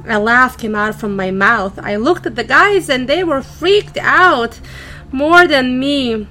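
Bright, high-voiced woman in an audio drama. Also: unhurried, slight background noise, poor audio. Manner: tense inner monologue with frequent swearing. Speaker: voice actor and writer. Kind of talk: audio drama narration and dialogue.

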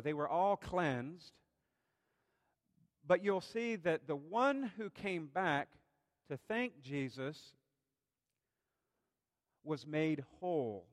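A man preaching a sermon, telling a story earnestly and slowing down to stress key points. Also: fairly high pitch. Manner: earnest storytelling, slows for emphasis. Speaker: pastor. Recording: long hall reverb.

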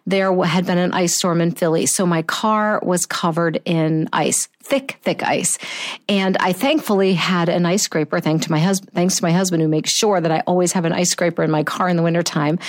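A middle-aged woman telling a personal story in an earnest, heartfelt way, often restarting her sentences. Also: on the low side. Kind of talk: personal anecdote, reflective storytelling.

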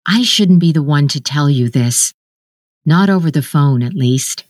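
A woman reading the lines of a gentle, apologetic older brother speaking over the phone. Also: deep voice, animated, unhurried, dry recording, clean studio sound.

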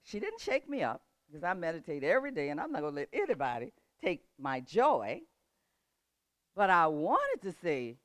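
An older woman who laughs often as she tells a lively story, then moves into a relaxed motivational talk about setting goals. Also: fairly low pitch, normal speed, dry recording.

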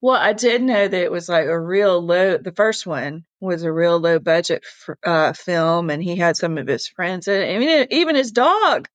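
A woman co-hosting a faith-based podcast in casual chat, sniffly and raspy from a cold and laughing easily. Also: lowish voice, expressive, normal speed, few pauses, dry recording, highs cut off. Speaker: podcast co-host.

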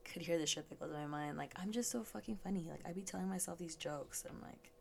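A woman's voice: fairly low pitch, fast, creaky, a little hiss or hum. A young woman hosting a casual solo podcast, swearing freely and laughing often, a little stuffy and yawning. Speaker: podcast host.

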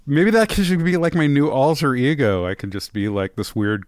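A man co-hosting a podcast in casual chat, talking in an animated, rambling way with many restarts. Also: medium pitch, normal speed, no room sound, clean studio sound. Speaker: podcast co-host.

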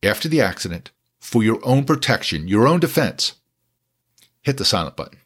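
A man's voice: fairly low pitch, sing-song, moderate pace, a bit bright, husky. A man who is a lawyer speaking to truck drivers in a folksy, jokey style, with emphatic repetition. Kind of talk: folksy motivational talk.

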